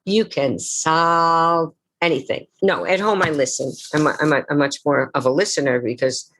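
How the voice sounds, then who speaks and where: An older woman, an actress, telling her life story theatrically on a video call, slowing and dropping low for emphasis. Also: fairly bright tone. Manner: dramatic, slows for emphasis, drops low on key words. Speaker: actress and memoir author, guest.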